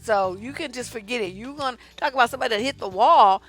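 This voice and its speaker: A woman's voice: fairly high pitch, fast talker, soft background music. A woman relationship coach, giving blunt, profane, sassy advice while answering viewer questions on a live stream. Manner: profane, sassy, animated storytelling.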